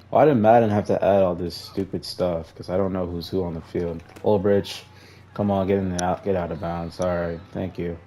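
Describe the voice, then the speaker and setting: A man's voice: low voice, a little hiss or hum. A young man casually commenting on his own football video game play, talking to the players on screen and sighing in frustration. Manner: frustrated, talks to players on screen, flat sighs between outbursts. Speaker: gaming YouTuber.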